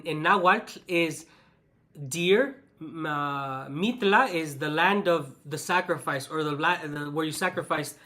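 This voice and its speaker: Young Mexican man, Mexican Spanish accent, high bright voice, emphatic mock-exasperated vlog host. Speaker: vlogger. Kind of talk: casual chat.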